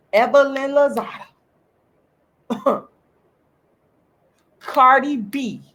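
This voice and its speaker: A woman's voice: on the high side, a bit bright. Emphatic woman preaching a livestream monologue. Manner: reads and thanks live chat viewers. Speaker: online show host.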